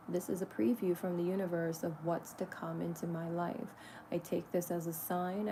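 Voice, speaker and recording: A woman's voice: on the low side, slight background noise. A woman speaking casually and candidly to the camera in a spiritual vlog, swearing freely and laughing often. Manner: talks to herself lovingly in soft asides. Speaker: spiritual vlogger.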